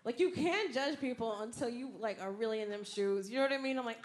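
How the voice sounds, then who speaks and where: A woman's voice: a little high, fast, hardly any pauses. A woman doing stand-up, a mother joking in a sassy, profane, conversational way. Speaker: stand-up comedian. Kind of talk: stand-up routine. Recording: loud background noise.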